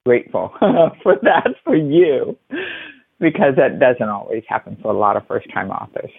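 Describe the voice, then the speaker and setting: A man hosting a podcast interview, effusive and emphatic, piling on warm praise for his guest. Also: medium pitch, big pitch swings, normal speed, gravelly, breathy edge, no room sound. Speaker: podcast host. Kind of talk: conversational interview. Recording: thin phone-like line, dry.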